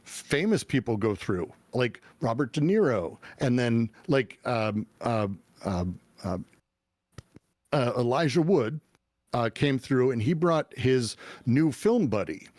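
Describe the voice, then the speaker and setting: A middle-aged man telling his life story as an interview guest, animated and swearing, with many fillers and restarts. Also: mid-range voice, takes it slowly, no echo. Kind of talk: casual storytelling.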